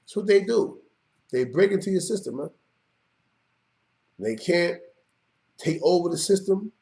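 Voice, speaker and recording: Streetwise New man, slightly high voice. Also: expressive, a little slow, vocal fry, warm tone. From New York. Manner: streetwise, emphatic, repeats "you know what I mean". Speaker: show host. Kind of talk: unscripted monologue to camera.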